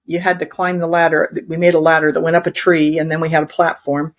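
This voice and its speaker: A woman's voice: low voice, level tone, fast. A middle-aged woman from Wyoming, an interview guest chatting and rambling through childhood stories with frequent laughter. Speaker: interview guest, instructional designer. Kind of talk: casual storytelling in conversation.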